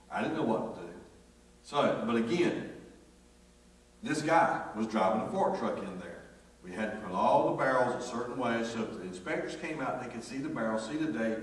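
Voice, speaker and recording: A man preaching a sermon, telling a folksy, animated story full of acted quotes. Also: mid-range voice. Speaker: pastor. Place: church sanctuary. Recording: echoey church hall from far off.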